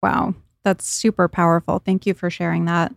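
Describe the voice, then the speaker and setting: A woman hosting a podcast, asking thoughtful questions and giving soft affirmations. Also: lowish voice, level tone, moderate pace, vocal fry, no room sound. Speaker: podcast host. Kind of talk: interview conversation.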